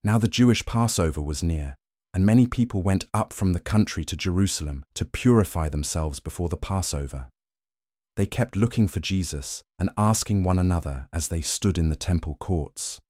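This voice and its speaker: A man reading a Bible passage aloud in a steady, measured scripted narration. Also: deep voice, dry recording, studio quality. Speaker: scripture reader.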